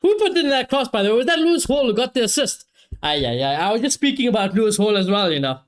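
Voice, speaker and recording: A young man hosting a live football watchalong, reacting excitedly, swearing heavily and shouting when his team scores. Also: high-pitched, fast talker. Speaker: watchalong streamer.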